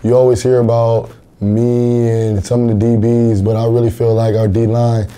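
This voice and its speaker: Earnest young man, flat dark voice. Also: mid-range voice, moderate pace. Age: young adult. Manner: earnest, plain-spoken, repeats words as he thinks. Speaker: college football linebacker. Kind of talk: TV interview answers.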